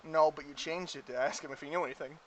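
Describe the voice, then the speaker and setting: A game master narrating a tabletop game, chatty and animated with lots of fillers. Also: mid-range voice, fast talker, a little hiss or hum, low-quality recording.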